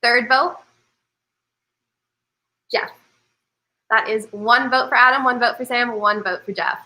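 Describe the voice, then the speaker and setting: A woman host reads out final votes one at a time, pausing to build suspense. Her voice is bright and a little high, heard over a video call. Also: fairly even intonation, poor audio. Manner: measured, suspenseful vote reading. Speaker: game host reading votes. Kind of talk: announcing results.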